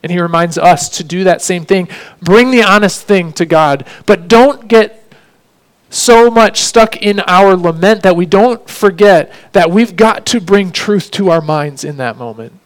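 A man preaching a sermon, earnest, slowing down to read scripture lines with emphasis. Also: high voice, clean tone, low-quality recording. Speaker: pastor.

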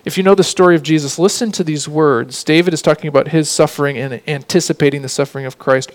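A man preaching a sermon, earnest, slowing down to read scripture lines with emphasis. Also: fairly high pitch, fairly even intonation, low-quality recording. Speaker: pastor.

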